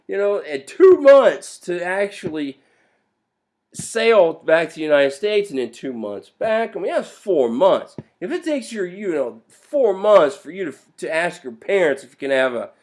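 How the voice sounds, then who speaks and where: A man giving a lively, playful classroom lecture on history, joking with students in slang. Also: sits high, normal speed. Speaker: history teacher.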